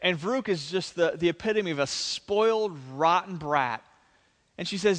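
A man preaches to a church congregation, his voice riding high as he tells the story with animated energy. Each phrase rings out and trails off in the long reverb of a large sanctuary. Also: normal speed. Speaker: pastor. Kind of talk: sermon.

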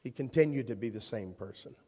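A man's voice: medium pitch, lively intonation, brisk, dark tone, husky. A man preaching a sermon, telling stories dramatically and acting out the people he quotes. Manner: dramatic storytelling, voicing the figures he quotes. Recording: long reverb of a large hall.

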